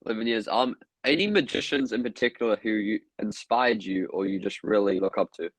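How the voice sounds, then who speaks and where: A man's voice: fairly low pitch, brisk, no room sound, rough recording. A young man hosting a podcast, introducing a guest and asking questions in an upbeat, friendly way. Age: young adult. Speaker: podcast host. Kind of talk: podcast interview.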